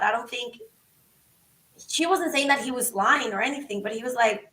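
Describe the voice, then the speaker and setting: A woman guest on a podcast, telling a story in an animated, excitable way and acting out the quotes. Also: a little high, moderate pace, reverberant, far from the mic, rough recording. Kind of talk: casual storytelling.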